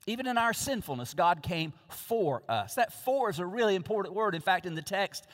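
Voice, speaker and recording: Preaching from the pulpit in a large, long-reverberating hall, a male pastor speaks at a moderate pace in a high-sitting, fairly bright and animated voice. He hammers his points emphatically, repeating key phrases.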